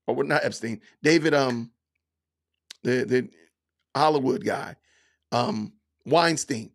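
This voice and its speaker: A man hosting a livestream podcast, talking casually to his chat, often slipping into mock-offended sarcasm and drawn-out emphasis. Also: medium pitch, gravelly. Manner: addresses chat commenters by name. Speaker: podcast host reading live chat.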